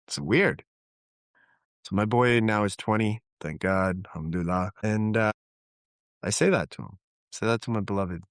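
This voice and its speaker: A man's voice: on the low side, normal speed, pauses often, no room sound. Reflective middle-aged man, dry close sound. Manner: reflective, acts out quoted dialogue with laughs. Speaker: podcast guest, therapist. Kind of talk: candid conversational storytelling.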